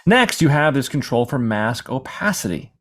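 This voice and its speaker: A man teaching a screen-recorded software lesson in a casual, rambling way, sometimes acting out questions from imagined viewers. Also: mid-range voice, big pitch swings, moderate pace. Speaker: software tutorial instructor.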